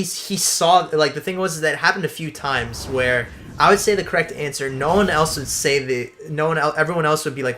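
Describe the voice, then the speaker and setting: A young man hosting a casual gameplay video, telling a school story in an animated way, swearing and laughing along. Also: medium pitch. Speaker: let's play host. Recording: faint background game music.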